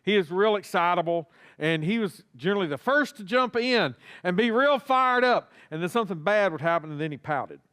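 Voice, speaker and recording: A man's voice: high-pitched, expressive, a little fast, few pauses, a bit bright, smooth, no echo, studio quality. A male pastor preaching a sermon in a church, talking to the congregation and acting out little dialogues. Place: church sanctuary.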